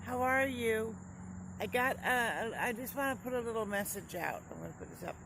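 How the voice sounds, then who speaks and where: A woman's voice: on the high side, sing-song, normal speed. An older woman talking to her phone outdoors, rambling and chatty while sounding tired. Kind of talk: self-recorded phone video message. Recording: phone video with outdoor noise.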